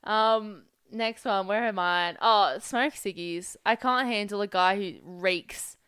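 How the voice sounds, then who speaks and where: A woman's voice: medium pitch, takes it slowly, fairly bright tone, smooth, no echo, clean studio sound. A young woman co-hosting a podcast in casual chat, rambling and chatty with many fillers, speaking into a headset mic. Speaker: podcast co-host.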